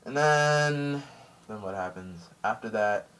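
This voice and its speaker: A man's voice: animated, fairly bright tone, clean tone. Chatty man doing a rambling anime recap. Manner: slips into quick high voices when quoting characters. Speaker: anime episode reviewer. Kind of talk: casual recap review.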